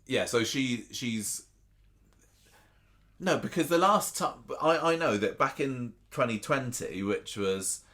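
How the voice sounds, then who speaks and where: A man's voice: medium pitch, lively intonation, slow, a bit bright. A man co-hosting a casual podcast chat, rambling with frequent restarts and chuckles. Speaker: podcast co-host. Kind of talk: casual chat about a soap opera.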